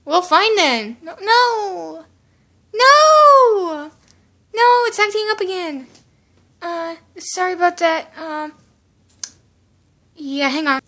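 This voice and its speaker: A timid, soft-spoken cartoon pony mare played by a woman, with a very high and bright, almost sharp voice. She hesitates constantly, filling gaps with ums and uhs. She is easily startled. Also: steady tone, slow pace, long pauses, exaggerated voice. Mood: flustered. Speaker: reaction video host. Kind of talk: fan reaction commentary in character.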